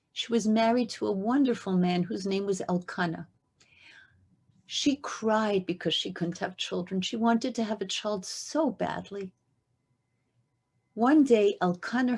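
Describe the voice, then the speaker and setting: A woman's voice: medium pitch, darkish tone, husky. An emphatic woman teaching a Torah lesson. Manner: storytelling, emphatic, rhetorical questions. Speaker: speaker at a women's learning event.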